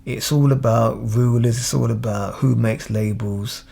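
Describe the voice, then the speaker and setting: A man's voice: mid-range voice, steady tone, unhurried, creaky, dark tone, slightly rough. A man with a London accent, speaking in a reflective, casual monologue with frequent restarts and quoted voices. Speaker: speaker on identity.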